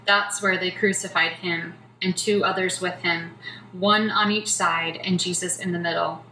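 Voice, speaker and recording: Woman scripture narrator, bright tone, lower pitch, far mic in a roomy church. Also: steady tone, measured pace. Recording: roomy church from a distance, faint noise.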